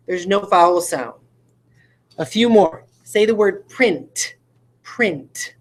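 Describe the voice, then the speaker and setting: Slow, patient woman teacher. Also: medium pitch, animated. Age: adult parent. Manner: patient, explains step by step, asks rhetorical questions. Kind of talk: recorded video lesson.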